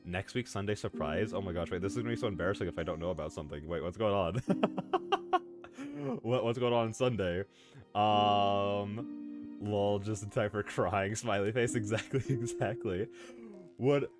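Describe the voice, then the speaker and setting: Rambling, lower-voiced male streamer. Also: animated, moderate pace. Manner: laughs often, rambles and repeats himself. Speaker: streamer reading a story. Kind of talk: casual livestream chat. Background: music playing.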